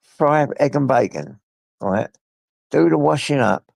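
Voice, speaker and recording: A man's voice: fairly high pitch, lively intonation, a little slow, gravelly, darkish tone, dry recording. A man chatting casually on a live stream from his phone, rambling and talking to his pets, with a blocked nose from a coming flu. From England. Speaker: livestreamer.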